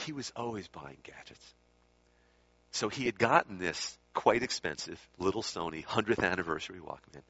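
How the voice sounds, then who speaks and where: A man with a low, slightly bright voice casually recounts time with a spiritual teacher. He rambles, corrects himself and adds asides, and the dull lo-fi recording has no room sound.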